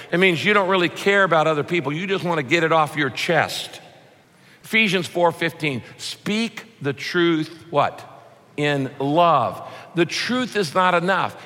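Pastor guy preaching, bright voice, lots of ups and downs, big echoey hall. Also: a little high. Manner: emphatic preaching with punchy rhymes, mock voices for quoted people. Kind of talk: sermon.

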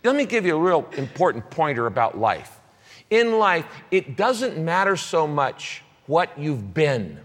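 A man preaching a sermon as pastor, emphatic, repeating key phrases and moving between soft and raised delivery. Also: on the high side, sing-song, a little slow, big-room sound.

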